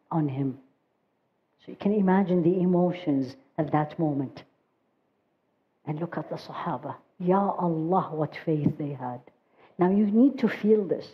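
A woman giving a religious talk, telling stories with feeling and reciting Arabic verses quickly. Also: deep voice, highs cut off. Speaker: religious teacher. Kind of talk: sermon storytelling.

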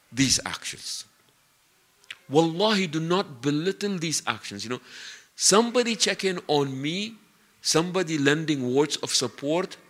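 A man with a high-pitched voice preaches a sermon through animated storytelling. He stretches out key words for emphasis and sprinkles in Arabic religious phrases.

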